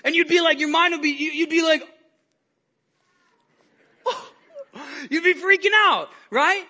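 A male pastor preaching a sermon to his church, animated and lively, stumbling over restarts and acting out the people in his stories. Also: extremely high pitch, takes it slowly. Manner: animated, acts out quoted voices, many restarts. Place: church service before a congregation.

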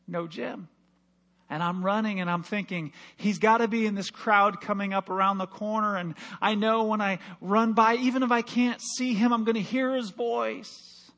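High-voiced man preaching with fervor. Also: steady tone, normal speed. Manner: impassioned storytelling, swings from loud to hushed. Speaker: pastor. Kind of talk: sermon. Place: church.

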